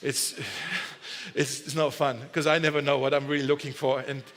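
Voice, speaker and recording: A pastor preaches a casual, joking sermon in a large church hall, often correcting himself mid-sentence. His voice is on the high side, level in tone, a bit bright, at a normal speed, and the recording has a long hall reverb.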